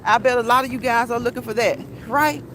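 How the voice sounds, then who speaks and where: A woman's voice: fairly high pitch, steady tone, fast, fairly bright tone, soft background music. A woman hosting a live stream while walking outdoors, chatting to viewers, reading their comments aloud and tagging lines with "okay?" and "right?". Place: outdoors near a street and train tracks. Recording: outdoor street with traffic noise. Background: passing cars and a train.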